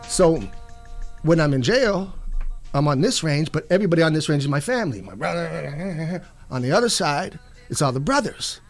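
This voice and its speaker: A middle-aged man from Canada, telling stories as an interview guest and acting out quotes in bursts of louder, higher voices, laughing often. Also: expressive, moderate pace, faint music behind. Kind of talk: casual storytelling interview.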